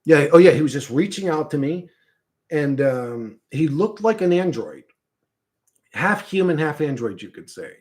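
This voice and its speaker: A man's voice: fairly high pitch, sing-song, darkish tone. Rambling man swearing and restarting. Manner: halting, swears often, trails off and restarts. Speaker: streamer recounting a vision. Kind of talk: rambling casual monologue, reading chat.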